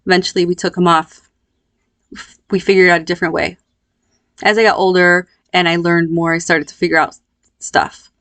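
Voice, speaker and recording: A woman in her thirties telling a personal story in a candid, reflective, unhurried way. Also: on the low side, level tone, fairly bright tone, dry recording. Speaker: vlogger.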